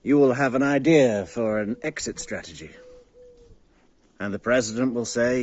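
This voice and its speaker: A man talking playfully to his pet in a slow, drawn-out sing-song voice, teasing and affectionate, as a livestream host. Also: medium pitch, darkish tone, a little hiss or hum. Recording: dull lo-fi audio.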